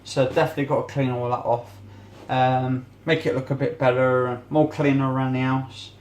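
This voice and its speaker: A man's voice: medium pitch, level tone, a little fast, darkish tone. A man chatting away casually as he cleans, rambling and groping for words. He is recorded on a camera left in an echoey home kitchen, with a faint hiss behind him. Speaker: vlogger.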